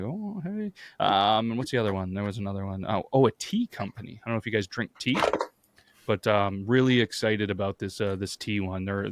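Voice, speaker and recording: A man's voice: fairly low pitch, a bit bright, no room sound. Laid-back podcast guy, dry close mic. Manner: laid-back, crude jokes, trailing fillers. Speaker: podcast host. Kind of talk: casual chat.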